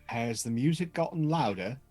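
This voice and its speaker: A player in a tabletop role-playing game who talks in a hesitant but lively way. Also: medium pitch, moderate pace, faint music behind. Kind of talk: casual tabletop play.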